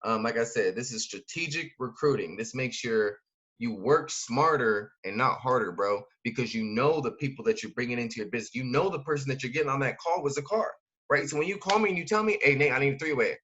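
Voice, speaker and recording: A man's voice: mid-range voice, expressive, fairly quick, a bit bright, husky. A man coaching his audience in a casual, slangy way, full of fillers and asking "right?" again and again. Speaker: network marketing recruiter. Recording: dull lo-fi sound.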